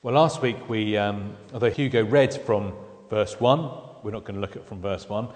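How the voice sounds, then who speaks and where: A man's voice: lowish voice, moderate pace, a little mellow. Conversational male preacher in a reverberant hall. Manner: conversational with dry humorous asides. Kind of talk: sermon.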